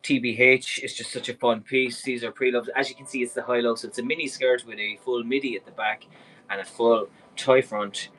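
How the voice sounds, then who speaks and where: Bright-voiced Irish man selling clothes live. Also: medium pitch, steady tone, fairly quick, a little hiss or hum, low-quality recording. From Ireland. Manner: chatty, enthusiastic, rambling. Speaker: live-stream clothing seller. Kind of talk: casual live sales patter.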